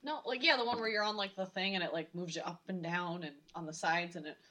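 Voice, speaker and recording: A woman's voice: on the low side, fast talker, sharp tone. A woman co-hosting a podcast in casual chat, joking and rambling with many fillers. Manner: joking, rambling interjections with likes. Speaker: podcast co-host.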